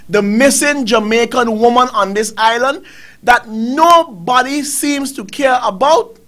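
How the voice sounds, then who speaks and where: Speaking at a measured pace in a very high, slightly bright voice, a middle-aged man from the Caribbean hosts a talk show. He delivers angry, preachy commentary, piling up rhetorical questions as he rants.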